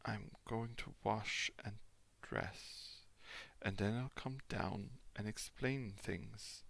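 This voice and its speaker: A man's voice: fairly low pitch, lively intonation. A man doing a faltering, worn-out Victorian traveller. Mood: weary. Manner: faltering, slow, hushed. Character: exhausted, starving Victorian gentleman inventor.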